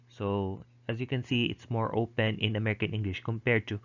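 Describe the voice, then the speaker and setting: A male lecturer explaining pronunciation slowly, with frequent fillers and restarts, modeling sounds aloud. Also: fairly low pitch, little pitch movement, a bit bright, dull audio. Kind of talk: recorded online lecture.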